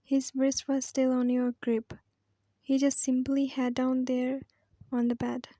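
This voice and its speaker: A woman reading a second-person fan fiction story aloud in a soft, often whispery way. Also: sits high, completely flat delivery, unhurried, dry recording, clean studio sound.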